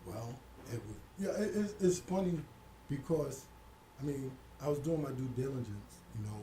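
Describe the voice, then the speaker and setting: A middle-aged man, telling stories as an interview guest, animated and quick to act out other people's voices. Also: medium pitch, a little hiss or hum. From Hollis, Queens, New York. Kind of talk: casual storytelling interview.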